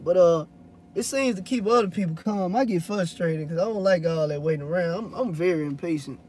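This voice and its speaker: With a high, brisk voice and a darkish tone, a Louisiana hotshot trucker rambles and swears while casually answering viewers on his vlog. There's a bit of background noise.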